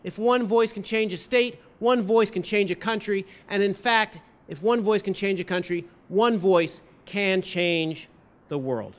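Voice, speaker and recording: A man with a notably high voice tells a campaign story to a university audience. He moves between plain narration and punchy acted-out quotes, building to a rousing close. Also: measured pace. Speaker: political candidate giving a campus talk. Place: university lecture hall event.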